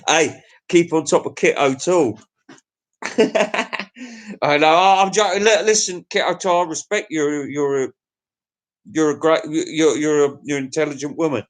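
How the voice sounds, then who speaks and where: Rambling crude English bloke, high voice. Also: male voice, unhurried, long pauses. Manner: rambling, crude, chuckling to himself. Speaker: livestream host. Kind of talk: casual chat to viewers.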